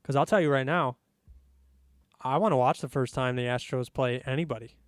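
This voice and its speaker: A man's voice: mid-range voice, brisk, smooth, no echo, soft background music. Exasperated ranting man, dry mic. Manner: animated, exasperated ranting with mocking asides. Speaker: podcast host. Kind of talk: solo sports rant podcast.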